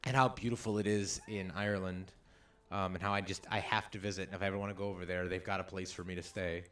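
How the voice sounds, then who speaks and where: A man co-hosting a let's play, telling a story in casual chat, animated and rambling. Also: low-pitched. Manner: animated, rambling, quick bursts.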